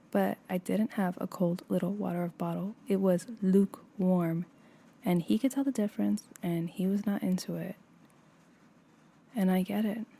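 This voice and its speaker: A woman in a soft-spoken ASMR chat, rambling through meandering musings and often slipping into a half-whisper. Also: mid-range voice, creaky. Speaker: ASMR creator.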